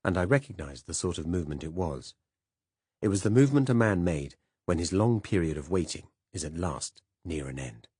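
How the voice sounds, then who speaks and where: A man narrating a first-person spy novel as an audiobook in a measured, even way. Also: low-pitched, husky, no echo, clean studio sound.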